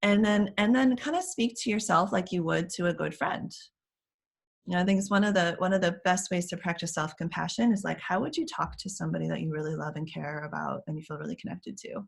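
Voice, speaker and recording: This is a woman with a somewhat low voice, chatting through advice for parents as an interview guest. She keeps it loose and friendly, breaking into laughter often. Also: brisk, gravelly, slightly rough. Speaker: parent coach. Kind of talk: interview guest explaining strategies.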